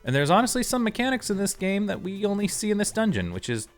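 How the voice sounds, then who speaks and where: A man streaming a video game live, chatting casually in an excitable, rambling way and laughing often. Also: high voice, fast, faint music behind.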